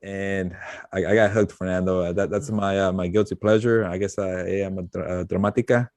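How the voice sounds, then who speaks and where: A man's voice: deep voice, steady tone, brisk, a little mellow, no echo. A man co-hosting a podcast, chatting casually and playfully, dropping Spanish words into his talk. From Latino American. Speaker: podcast co-host. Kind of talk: casual chat.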